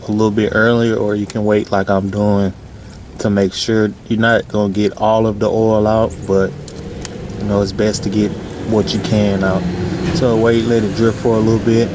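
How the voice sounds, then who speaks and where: A man's voice: on the low side, moderate pace. A man casually explaining a car oil change step by step, slightly out of breath, recorded outdoors under a car on a windy day. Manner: relaxed, plain-spoken, instructive. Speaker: DIY car vlogger. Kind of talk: casual how-to narration. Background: wind and outdoor noise.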